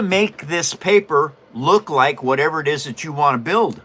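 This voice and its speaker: A man's voice: on the high side, lively intonation, a little slow, hardly any pauses, bright, forceful tone, slight background noise. A man hosting a live stream, chatting casually while he works on a paper model and answers viewers. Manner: chatty, explains while building, self-amused. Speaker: host and paper model builder.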